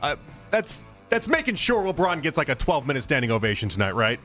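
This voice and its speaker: A man co-hosting sports radio, teasing his partner in quick banter. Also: medium pitch, very animated, a bit bright, soft background music.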